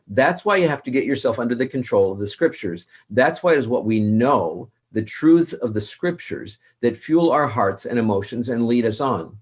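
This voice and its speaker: A man's voice: mid-range voice, lively intonation, fairly quick, few pauses, husky. A man, a worship leader and author, giving earnest, emphatic advice in an interview, repeating words for stress.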